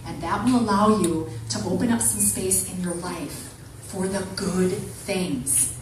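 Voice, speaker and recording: A woman giving an animated motivational talk to a women's group, acting out the people she quotes. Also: on the low side, unhurried. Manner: animated, acts out quoted voices. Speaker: motivational speaker. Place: meeting room with an audience. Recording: echoey room from far off, faint noise.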